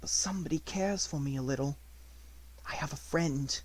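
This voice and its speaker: A man voicing a poor little girl in a storybook, hushed and breathless, rising to excited cries. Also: fairly high pitch, moderate pace, lightly acted. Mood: tearful, soft.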